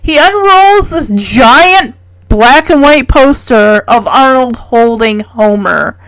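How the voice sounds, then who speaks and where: A woman's voice: high voice, lively intonation, slow, a bit bright, dry recording, rough recording. A woman recapping a sitcom episode in casual chat, chatty and incredulous, full of rhetorical questions.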